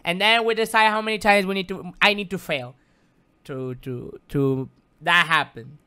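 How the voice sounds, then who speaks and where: A man whose first language is Spanish, streaming a game live with excitable, theatrical commentary that jumps from muttering to yelping. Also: high-pitched, moderate pace, clear, resonant tone. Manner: excitable and theatrical, swinging between mutters and yelps. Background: game music.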